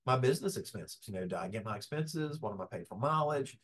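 A man giving a casual, calm webinar lecture over a video call. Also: medium pitch, fast. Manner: folksy, conversational, calm tone. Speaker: business law presenter. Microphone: video call webcam.

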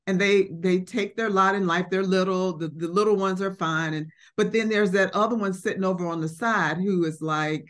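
A woman's voice: mid-range voice, moderate pace, few pauses, a bit bright. A middle-aged woman, an art collector, telling a reflective story in conversation, with fillers and acted quotes.

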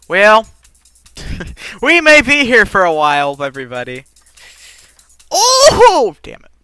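A let's play gamer giving live commentary who rages and swears, with sudden yells between low muttering. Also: clean tone, dry recording. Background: faint game music.

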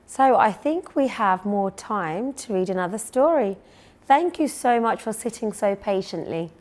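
A young woman reading a picture book aloud to children, gentle, patient and clear. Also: medium pitch, lively intonation, a little slow. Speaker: children's storyteller.

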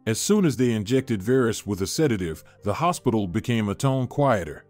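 A man's voice: on the low side, expressive, a little fast, a little mellow. A man reading a dramatic story aloud as narrator. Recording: dry studio voice-over with faint music.

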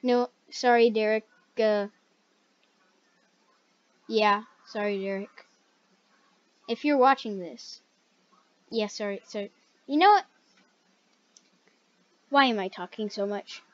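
A woman hosting a gaming video, chatting casually through the play, chatty and excitable and yelping when startled. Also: mid-range voice, slow, long pauses. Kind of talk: casual gameplay commentary. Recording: dull lo-fi recording.

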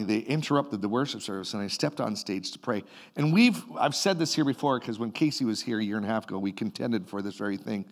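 Canadian man preaching an animated sermon. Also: mid-range voice. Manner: animated, retells a vision in a rising and falling voice. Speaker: pastor. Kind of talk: sermon storytelling.

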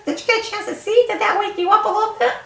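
A man's voice: very high-pitched, fairly even intonation, very fast, vocal fry, pushed and bright, distant mic, voice pushed up, exaggerated voice. A man putting on a squealing nosy puppet girl. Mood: teasing. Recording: echoey room, voice from off mic.

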